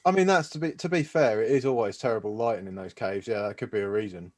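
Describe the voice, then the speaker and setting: A man's voice: fairly low pitch, quick pace, darkish tone. A man, co-hosting a casual podcast with dry, teasing banter. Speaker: podcast co-host. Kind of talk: casual chat.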